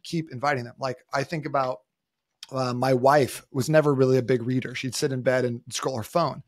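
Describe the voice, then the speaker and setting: A man's voice: mid-range voice, no room sound, studio quality. A man in his thirties, a podcast guest, telling stories in casual conversation and acting out the voices of people he quotes. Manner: animated storyteller, acts out quoted voices.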